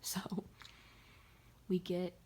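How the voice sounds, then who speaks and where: Telling a story very slowly in a dark-toned voice, a young adult vlogger from around Pittsburgh rambles casually, using lots of fillers and swearing. A little hiss or hum sits in the audio.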